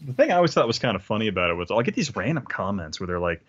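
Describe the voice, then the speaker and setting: A man's voice: fairly low pitch, sing-song, very fast, husky, no echo. A man guesting on a podcast, chatting casually in a laid-back, rambling way and laughing often. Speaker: podcast guest, history video creator. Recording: dull lo-fi mic.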